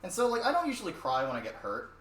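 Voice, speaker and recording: His voice is high-pitched and a bit bright, swooping wildly in pitch as he talks fast. The young man is cooking at home on a stream, chatting in a rambling, profane way, recorded by a distant mic in an echoey room with faint noise.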